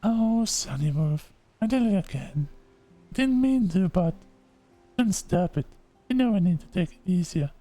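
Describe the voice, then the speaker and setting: A man putting on a frazzled game customer who is overwhelmed and pleading. The voice is pitched well above his own and pushed a little louder. It sounds strained and fretful. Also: animated, measured pace, soft background music. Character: overwhelmed stressed-out customer begging for help.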